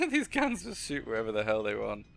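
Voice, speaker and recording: A man chatting casually while playing a game, joking and self-mocking, with excitable outbursts. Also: mid-range voice, fairly quick, vocal fry. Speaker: gamer co-host. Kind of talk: casual gameplay chat.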